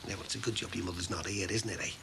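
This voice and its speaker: An actor playing a blunt, sarcastic middle-aged shopkeeper, in a soap opera. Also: male voice, deep voice, steady tone, racing, gravelly, background noise. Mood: heated.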